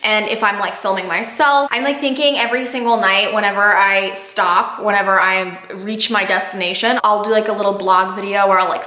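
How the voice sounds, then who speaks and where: A woman's voice: mid-range voice, sharp tone. A woman in her twenties vlogging casually to camera, candid and emotional, swearing freely and saying "like" a lot. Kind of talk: casual vlog talk to camera.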